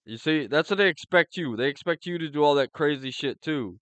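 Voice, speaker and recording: A man's voice: on the high side, a little fast, a bit bright, dry recording. A man hosting a podcast in casual chat, crude and teasing, swearing freely as he talks. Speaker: podcast host.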